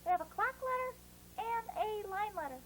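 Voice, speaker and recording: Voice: very high voice, expressive, moderate pace, a bit bright, a little hiss or hum, low-quality recording. A performer voicing a cheerful puppet boy who teaches children to write letters in a bouncy, encouraging, sing-song way. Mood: cheery. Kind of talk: playful kids' lesson.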